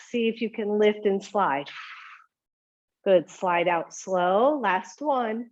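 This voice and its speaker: A woman's voice: medium pitch, slow, a little mellow, highs cut off. A woman teaching a home yoga class, giving encouraging cues with a chatty manner and frequent light laughs.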